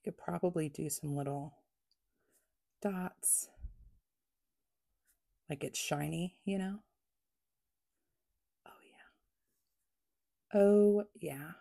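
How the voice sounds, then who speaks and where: A woman chats through a crafting unboxing at home. Her voice sits a little low and her pace is unhurried. She gushes with excitement and sometimes drops to a breathy whisper. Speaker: crafting vlogger. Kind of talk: casual unboxing chat.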